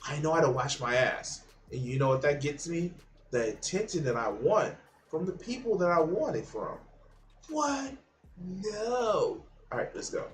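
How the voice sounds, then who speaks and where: A man with a fairly high-pitched voice talks through clips on his stream in a blunt, profane way. He trails off and restarts his thoughts as he goes. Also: lively intonation, brisk, slight background noise. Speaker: livestream host reacting to videos. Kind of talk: casual reaction commentary.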